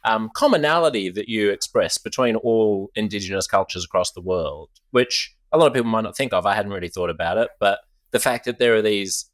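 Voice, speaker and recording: A man hosting an interview podcast, animated, laughing often and restarting his sentences. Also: on the low side, a little fast, few pauses, no echo, studio quality. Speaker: podcast host. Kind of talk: conversational interview. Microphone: studio microphone, headphones.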